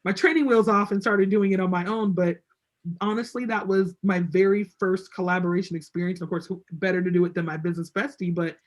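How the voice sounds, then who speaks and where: A woman's voice: fairly low pitch, steady tone, brisk. A woman as an interview guest, telling a story casually and acting out what people said to her. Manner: chatty, acts out quoted voices. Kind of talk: casual storytelling on a video call.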